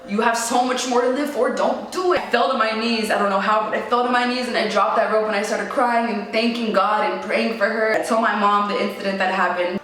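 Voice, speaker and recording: A woman's voice: mid-range voice, a bit bright. Young woman telling a painful story in an echoey room. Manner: casual and slangy, full of "like" and "yo". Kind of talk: emotional personal testimony. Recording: very echoey room with faint music.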